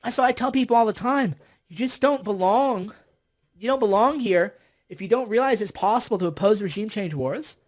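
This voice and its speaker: A man hosting a livestream, ranting with sarcasm and exasperation as he mocks his opponents. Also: extremely high pitch. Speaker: political commentator hosting a livestream.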